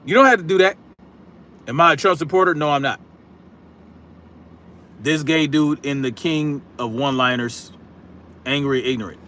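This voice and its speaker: A man's voice: a little high, normal speed, long pauses, pushed and bright. A man hosting a political live stream, talking bluntly and combatively, projecting his voice, reading chat comments, and using casual slang. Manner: casual slang, repeats catchphrases.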